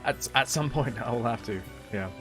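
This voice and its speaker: A man's voice: mid-range voice, moderate pace, over music. A man streaming a game, chatting casually and rambling with jokes as he plays. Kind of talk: casual gameplay commentary.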